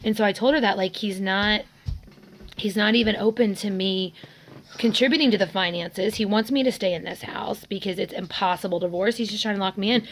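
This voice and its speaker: A woman's voice: mid-range voice, fairly quick, a little hiss or hum. A woman in her forties telling a personal story in a vlog. She vents with strong emotion, often quotes others in dialogue, and is close to tears. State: tearful. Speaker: vlogger.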